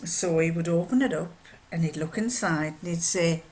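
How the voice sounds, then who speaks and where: A woman's voice: on the low side, normal speed, darkish tone. Older woman telling rambling anecdotes. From northern England. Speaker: sewing vlogger. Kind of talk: casual chat.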